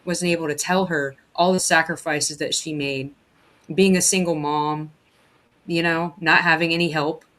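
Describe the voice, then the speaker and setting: Halting guest telling a personal story. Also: mid-range voice, fairly even intonation, bright, forceful tone. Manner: halting, many restarts and fillers.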